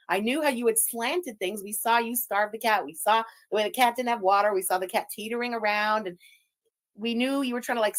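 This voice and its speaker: Profane mocking woman streamer, French native. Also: a little high. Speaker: streamer commentator. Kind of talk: reaction livestream rant.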